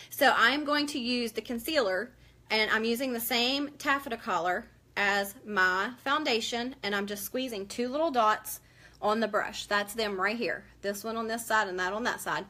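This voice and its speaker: A woman's voice: fairly high pitch, sharp tone. A woman hosting a casual live-stream makeup tutorial, chatty and emotional as she greets viewers by name.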